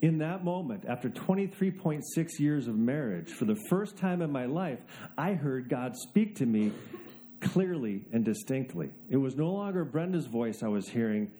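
A man preaching a sermon, telling a story with dry, self-mocking humor and dropping low and soft to make a point. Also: lively intonation, moderate pace.

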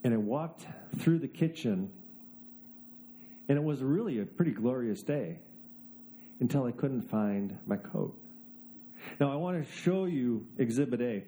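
A man delivering a sermon in a very dark, mellow voice. He tells stories with dry, self-mocking humor and often sinks low and quiet for emphasis. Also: lively intonation, measured pace, pauses often, a little hiss or hum. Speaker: preacher.

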